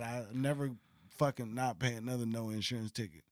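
A man's voice: mid-range voice, fairly even intonation, a little fast, no room sound, studio quality. A man from Dallas chatting casually, telling loose profane stories with frequent laughs and playful voice impressions. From Dallas, Texas. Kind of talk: casual chat.

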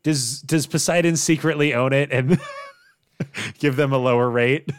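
A man co-hosting a casual podcast, recapping plot in a relaxed way and laughing often. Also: mid-range voice, a little slow, no echo, studio quality. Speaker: podcast co-host. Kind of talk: casual chat recapping a TV show.

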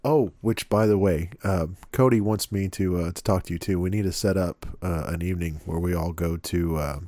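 Man, podcast co-host, casual chat, low voice, dry close sound, rambling with fillers. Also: normal speed, mellow, dry recording. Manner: rambling storyteller with many fillers and restarts.

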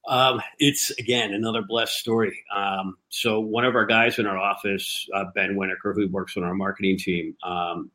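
Low-voiced man telling lively stories. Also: normal speed, hardly any pauses, low-quality recording. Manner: lively storyteller who acts out quoted dialogue. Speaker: cigar company executive, guest. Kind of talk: animated anecdotal storytelling.

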